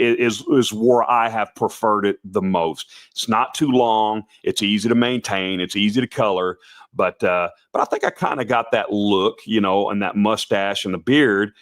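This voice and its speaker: An older man with a raspy voice, talking casually as a Santa performer hosting a livestream, rambling with many restarts and asides to viewers. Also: lowish voice.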